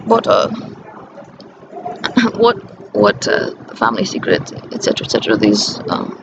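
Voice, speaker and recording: A woman vlogger telling a rambling personal story, halting and breaking into nervous laughter. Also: extremely low pitch, very animated. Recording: muffled lo-fi with clear background noise.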